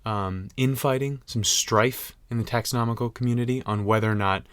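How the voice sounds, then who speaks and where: A man's voice: medium pitch, fairly even intonation, fairly quick, a bit bright, clean tone, dry recording. A young man co-hosting a podcast in casual chat, joking and rambling with frequent laughs. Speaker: podcast co-host.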